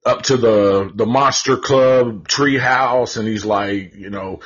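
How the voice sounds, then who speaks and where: Male host, casual live film review, slow and profane, husky, dull lo-fi sound. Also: on the low side, fairly bright tone. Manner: rambling, profane, many fillers and restarts.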